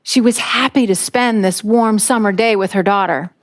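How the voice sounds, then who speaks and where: A woman, around her forties, from the United States, telling a personal story in a talk with lively acted-out moments. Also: medium pitch, moderate pace. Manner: lively storyteller, acts out voices. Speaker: speaker.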